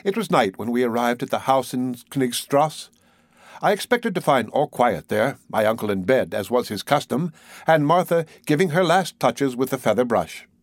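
A man's voice: medium pitch, dry recording. Man narrating a classic novel. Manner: measured, expressive reading. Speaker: audiobook narrator.

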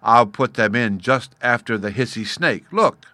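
A man's voice: mid-range voice, expressive, unhurried, pushed and bright, no room sound. A man reading a storybook and voicing a patient, playful caveman father who explains things step by step. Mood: explaining.

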